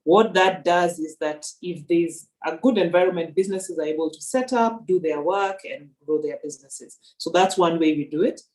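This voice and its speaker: A woman's voice: fairly low pitch, normal speed, few pauses, darkish tone. A woman from Kenya, a livestream guest, answering a question in a structured, composed way.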